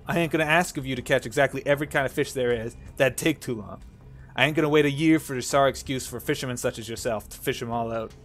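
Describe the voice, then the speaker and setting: A man voicing a boastful, grumpy old male fisherman with a put-on Southern accent, gruff and taunting. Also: medium pitch, a bit bright, natural voice. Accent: put-on American Southern.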